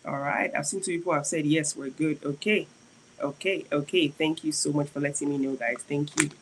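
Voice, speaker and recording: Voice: mid-range voice, fairly even intonation, a little hiss or hum, poor audio. Chatty French teacher. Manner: chatty, checks in with viewers often; slows down to spell out French sentences. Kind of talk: live-streamed language lesson.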